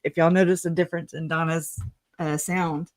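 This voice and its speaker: A woman's voice: sits low, level tone, moderate pace. A woman hosting a casual livestream, chatting, laughing often and greeting viewers by name. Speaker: livestream host.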